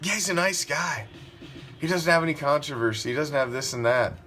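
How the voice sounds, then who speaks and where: Male sports podcast host, higher voice, profane, peppers rhetorical questions. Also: fairly even intonation, fairly quick, bright, forceful tone, soft background music. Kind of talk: opinionated sports talk.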